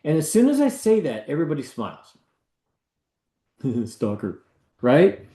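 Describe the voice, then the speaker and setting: A man who works as a real estate agent, telling a story in a casual, animated way and acting out the people he quotes. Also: on the high side, measured pace, pauses often. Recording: echoey room.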